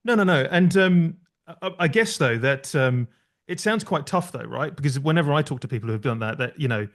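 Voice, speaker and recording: A man's voice: a little high, expressive, fairly quick. Hesitant male podcast host. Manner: hesitant, loose questions full of fillers. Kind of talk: casual podcast interview.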